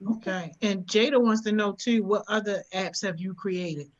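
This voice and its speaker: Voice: mid-range voice, normal speed. Laid-back youth mentor hosting a live stream, cheering the guest on, kinda muffled call sound. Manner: encouraging, relaxed and direct. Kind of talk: casual live-stream chat.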